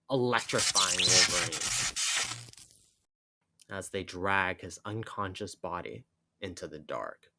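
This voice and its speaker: Slow-reading low-voiced male narrator. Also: bright, forceful tone. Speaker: comic narrator. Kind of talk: scripted comic narration.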